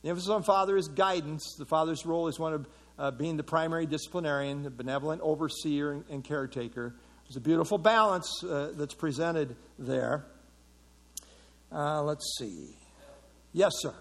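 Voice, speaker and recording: A middle-aged man teaching a Bible passage in a relaxed, conversational way, with many fillers and restarts. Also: on the high side, normal speed. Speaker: pastor teaching a Bible study.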